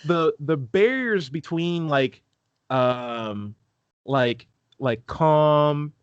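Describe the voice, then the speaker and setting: A man's voice: fairly high pitch, expressive, very slow, clear, resonant tone, no room sound, highs cut off. A young man from California, a guest on a video call, chatting casually and rambling with many fillers. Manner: rambling, lots of "like", acts out quoted voices. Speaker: street epistemologist guest. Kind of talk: casual interview chat.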